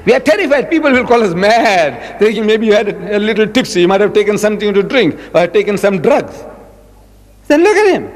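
A man from South Africa giving a public religious lecture, dramatic and animated with lots of repetition. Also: high voice, brisk, long reverb tail. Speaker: Islamic lecturer.

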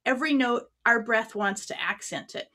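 Teaching an online clarinet workshop, a woman speaks at normal speed in a slightly high, bright voice with a forceful tone. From a few feet away from her microphone, she offers friendly, practical guidance on breathing and tone, demonstrating as she goes.

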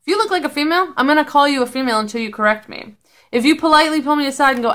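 A woman's voice: high-pitched, very fast, fairly bright tone. A woman vlogging at home in casual commentary, blunt, profane and sarcastic. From Canada.

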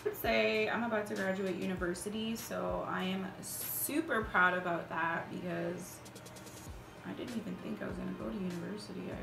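A woman in her twenties, a beauty vlogger chatting casually while doing her makeup, telling stories in an animated way with lots of fillers. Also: mid-range voice, vocal fry. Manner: animated storytelling, filler-heavy. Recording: roomy echo with background music.

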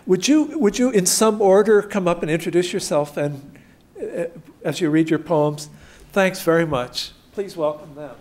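A man hosting a poetry event, introducing the readers in a halting, informal way with frequent fillers. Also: high-pitched, a little mellow. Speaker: event host.

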